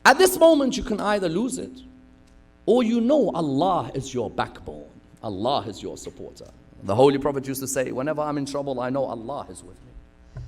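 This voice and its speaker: A man preaching a sermon, telling stories with acted-out quotes and sudden loud bursts. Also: medium pitch, animated, normal speed. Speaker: preacher giving a Muharram lecture.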